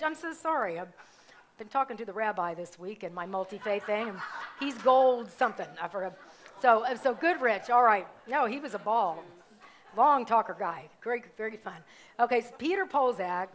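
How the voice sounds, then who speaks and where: A middle-aged woman minister giving chatty, rambling announcements at a live church service, full of ums and asides. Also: medium pitch. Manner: chatty, warm asides, self-correcting, many ums.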